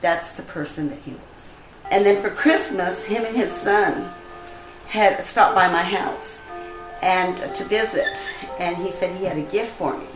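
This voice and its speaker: An older woman telling a personal story in an interview, earnest and animated, acting out the dialogue she quotes. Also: lowish voice, a little slow, faint music behind. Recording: roomy echo, faint ambient noise.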